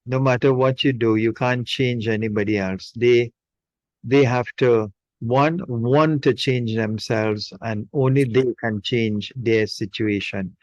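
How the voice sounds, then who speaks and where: Calm man with a dull, dry sound. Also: medium pitch, slow pace, no echo.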